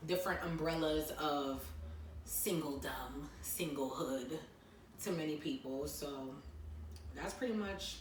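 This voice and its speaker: A woman's voice: low-pitched, slow pace. A young adult woman co-hosting a podcast in casual chat, sassy and teasing. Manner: sassy, teasing, talks while eating. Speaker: podcast co-host. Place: living room couch. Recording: echoey room, mic at a distance, faint noise.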